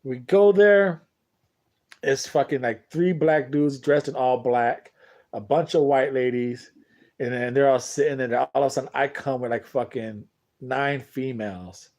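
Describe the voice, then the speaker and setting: A man's voice: mid-range voice, a little slow, a little mellow. A young man telling a long, profane, rambling story in casual talk to camera on a boxing talk show.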